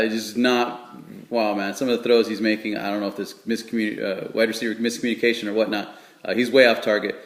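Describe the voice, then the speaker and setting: A man casually chatting through sports picks, rambling and joking with many fillers. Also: on the low side. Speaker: sports vlogger making game picks. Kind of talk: casual chat. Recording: echoey room.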